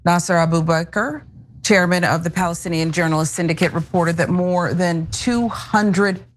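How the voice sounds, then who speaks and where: A woman co-hosting a political show, reading out news reports in a measured, informational way. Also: lowish voice, steady tone. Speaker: co-host.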